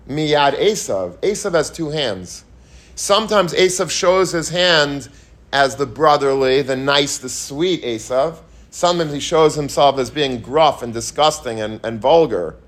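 A man's voice: on the high side, fairly bright tone. A man teaching the weekly Torah portion, earnest and repetitive, asking rhetorical questions and mixing in Hebrew and Yiddish terms. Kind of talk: Torah lecture.

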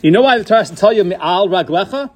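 A man's voice: high-pitched, animated, fast talker. A man giving a Torah lesson, posing questions and answering them, weaving Hebrew terms into his English. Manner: inquisitive, poses questions then answers them; mixes Hebrew and Yiddish-style terms into English. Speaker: Torah teacher. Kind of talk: Torah class lecture.

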